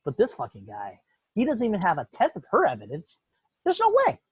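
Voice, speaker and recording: A man's voice: fairly high pitch, wildly swooping pitch, a little fast, slightly rough, no echo. A man hosting a podcast, talking in a profane, heated, rambling way. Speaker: podcast host. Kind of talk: casual opinionated chat. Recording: dull lo-fi dry recording.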